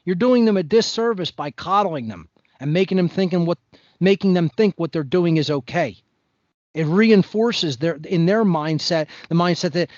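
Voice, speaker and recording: A man's voice: high voice, normal speed, a little mellow, no echo, highs cut off. A man speaking as a podcast guest in an impassioned monologue, blunt, preachy and emphatic.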